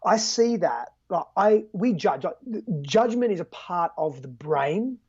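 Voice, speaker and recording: This guest coach, an Australian man on a podcast, reflects earnestly in a candid conversation, with frequent casual swearing and tags like "right?" and "man." His voice sits high and is expressive, with a measured pace and a darkish tone. It comes through dull, lo-fi video call audio.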